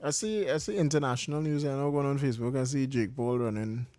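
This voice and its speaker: A man with a Trinidadian accent hosting talk radio, passionate and quick to laugh. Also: mid-range voice, over a noisy crowd. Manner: laughs often, passionate, addresses co-host as "boy" and "heavy". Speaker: radio talk show host. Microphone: studio mic.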